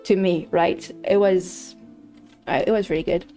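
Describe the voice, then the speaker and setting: A woman's voice: lowish voice, fairly even intonation, measured pace, dark tone, soft background music. A woman streamer chatting casually while playing a farming game, telling a story with many restarts and repeats.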